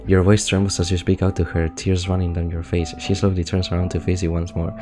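A man's voice: low-pitched, level tone, fast talker, over music. A young man casually reading game text aloud, stumbling and restarting, often laughing and swearing between lines.

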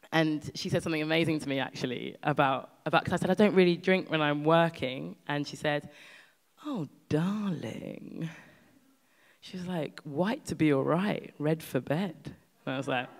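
A woman's voice: sits low, fairly bright tone, big-room sound. A woman author at a live bookshop event, telling anecdotes in a chatty, laughing way and then performing a spoken-word poem in a rhythmic, rising chant. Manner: chatty and laughing, with repeated filler "like".

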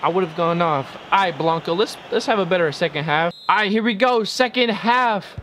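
A young man chatting excitedly over his own football video game, talking to the players on screen as he plays. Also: high-pitched, normal speed, a little hiss or hum. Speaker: gaming video creator. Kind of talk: live gameplay commentary.

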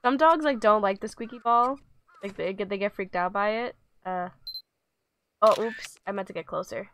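A woman's voice: medium pitch, normal speed, a bit bright, slight background noise. A woman streaming a pet video game, coaxing her virtual dog with giggly, chatty commentary. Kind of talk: casual game livestream commentary.

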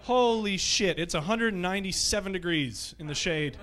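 A man's voice: high-pitched, normal speed, fairly bright tone, a faint crowd. A man doing stand-up comedy on a theatre stage, telling loose, profane stories to a live audience. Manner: loose, profane anecdotal storytelling. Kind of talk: stand-up set.

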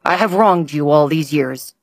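A woman reading the lines of a stern but loving old grandfather who speaks in a heavy, measured way. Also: low-pitched. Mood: gentle. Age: older.

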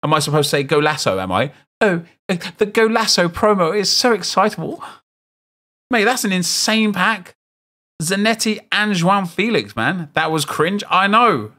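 A young man streaming a football game, chatting with viewers and reacting loudly to what he opens. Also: sits high, measured pace. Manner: chatty, reads chat aloud, gets loud and excited at good pulls. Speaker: gaming streamer. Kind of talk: live stream commentary opening game packs.

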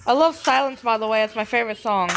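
Quick and creaky, with a pitch on the high side, this woman hosts a gaming video full of giggly, self-deprecating commentary in character. Steady background noise runs beneath the recording.

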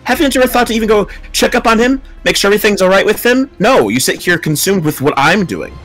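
A man playing a defensive adult scientist villain who lectures and accuses in a measured, indignant way in a Minecraft roleplay. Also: high voice, expressive, a bit bright, soft background music. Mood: accusing.

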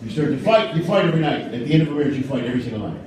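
Profane comedian in an echoey club. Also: male voice, mid-range voice, animated, racing, darkish tone. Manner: brash, profane, riffs on the crowd. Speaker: stand-up comedian. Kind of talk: stand-up comedy set. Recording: echoey club room, mic far off. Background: audience murmur and laughter.

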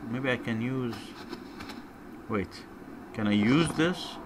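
A man's voice: medium pitch, slow, background noise. A man commentating a video game playthrough, given to frustrated outbursts and swearing. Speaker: gamer. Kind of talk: let's play commentary.

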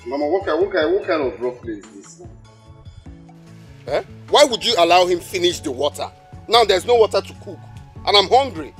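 Man doing a hot-tempered son, Nigerian accent, high-ish lively voice, music underneath. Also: normal speed, pauses often. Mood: complaining. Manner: loud, excitable and complaining. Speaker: son returning from a journey. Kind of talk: Nollywood film acting. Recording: music playing under the dialogue.

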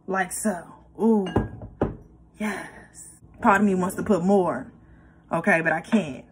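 A woman's voice: mid-range voice, a bit bright, slightly rough, poor audio. A woman hosting a casual cooking tutorial, chatty and playful, talking straight to her viewers. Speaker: cooking vlogger.

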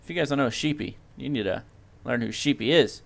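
A young man giving live gameplay commentary as a video host, excitable and yelping at sudden action. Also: mid-range voice, fairly quick, gravelly, background noise.

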